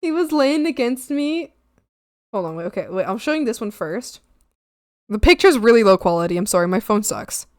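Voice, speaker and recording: A woman's voice: on the high side, lively intonation, moderate pace, no room sound, clean studio sound. Bubbly young woman streamer gushing. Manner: gushing, giggly, swoops into baby talk. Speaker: art streamer. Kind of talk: casual stream chat. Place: home streaming setup.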